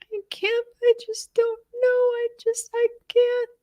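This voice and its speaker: A woman imitating a distraught woman who speaks in a tiny, high, halting voice and can barely get words out. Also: monotone, mellow, dry recording.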